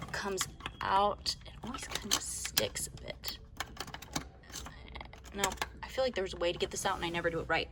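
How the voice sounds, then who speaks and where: A woman's voice: medium pitch, noisy background. A woman vlogger giving a casual boat walkthrough, chatty and full of fillers, a bit out of breath. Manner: chatty, filler-heavy, self-correcting.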